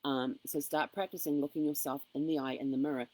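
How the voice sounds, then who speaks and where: In a casual motivational talk to camera, this woman speaks briskly in a deep, steady, slightly mellow voice, upbeat and encouraging, with frequent ums. The recording is rough.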